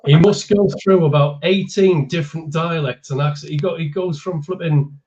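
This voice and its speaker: A man's voice: on the high side, moderate pace, a little mellow. Blunt joking man on dull audio. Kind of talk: casual chat.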